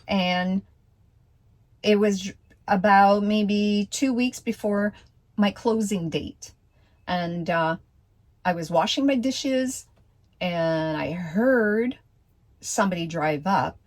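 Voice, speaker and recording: Slow, hesitant woman telling a story. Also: mid-range voice. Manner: hesitant, with many fillers and restarts; slow, deliberate delivery. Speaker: vlogger telling a personal story. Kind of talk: casual storytelling.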